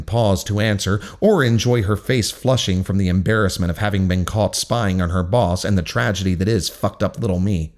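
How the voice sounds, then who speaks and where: A man's voice: low voice, moderate pace, hardly any pauses, a little mellow. A man reading a first-person novel aloud in an intense, angry, profane manner. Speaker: audiobook narrator.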